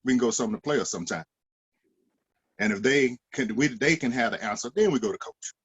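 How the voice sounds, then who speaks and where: A former linebacker, talking emphatically in a roundtable chat and jumping higher in pitch when he acts out other people. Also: a little fast, fairly bright tone, breathy edge, lo-fi sound.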